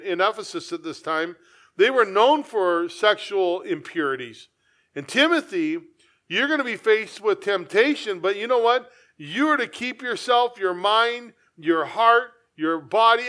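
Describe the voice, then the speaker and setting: A man's voice: high-pitched, sharp tone. A man preaching a sermon as pastor, earnest and conversational, with frequent asides to the congregation.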